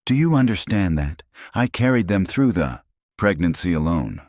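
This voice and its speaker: A man's voice: low voice, big pitch swings, moderate pace, darkish tone, no echo, clean studio sound, pitched above the performer's own voice. A man voicing a hurt, angry young mother of triplets who speaks sharply and bitterly. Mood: accusing.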